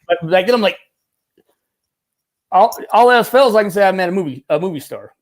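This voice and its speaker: A middle-aged man, a former Marine, tells animated stories in a casual interview, laughing often and restarting his sentences. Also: high voice, a little fast. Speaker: guest, former Marine turned film military advisor.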